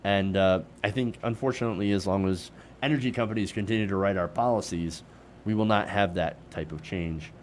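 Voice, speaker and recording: A man's voice: low-pitched, fairly quick, slight background noise. A man hosting an online political commentary show, talking in an opinionated, sarcastic way with mocking asides.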